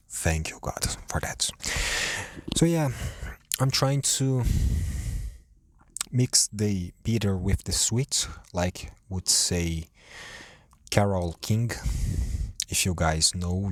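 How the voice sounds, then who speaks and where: A man's voice: low voice, takes it slowly, pauses often, no echo, studio quality. A man hosting a casual solo podcast from home, rambling in a profane, self-deprecating way. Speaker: podcast host. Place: home, at his computer.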